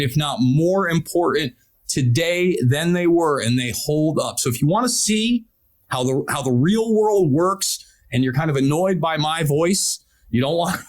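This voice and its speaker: An American man hosting a political podcast, talking in an emphatic, urgent way and repeating words for stress. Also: a little high. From United States. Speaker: podcast host.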